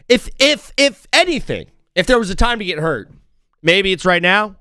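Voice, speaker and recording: A man hosting a live sports talk show, rambling and joking in an excitable, casual way. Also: high-pitched, fairly quick, no echo, clean studio sound.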